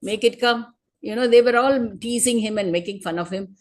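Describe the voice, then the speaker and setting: A woman's voice: fairly high pitch, brisk. A woman giving a religious class, retelling a sacred story in a conversational way, with many "you know" and "uh" fillers. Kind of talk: storytelling talk.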